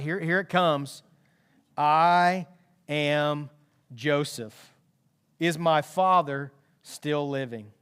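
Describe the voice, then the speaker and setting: A man preaching a sermon as pastor, retelling a story with animated emphasis and conversational asides. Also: on the high side.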